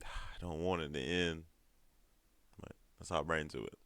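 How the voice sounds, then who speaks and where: A man's voice: very deep voice, fairly even intonation, moderate pace, vocal fry, fairly bright tone, dry recording. A man casually recapping a TV series episode, profane and laughing often. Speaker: show recap vlogger.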